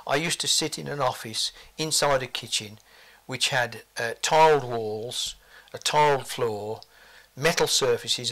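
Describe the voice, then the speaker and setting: A man's voice: mid-range voice, sharp tone. An older man, reminiscing forthrightly in an interview with blunt asides.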